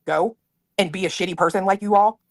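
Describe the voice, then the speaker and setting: A woman's voice: mid-range voice, fairly even intonation, a little fast, no echo, clean studio sound. A woman in a played livestream clip, angrily calling out rivals with profane, confrontational talk. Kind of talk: angry livestream callout.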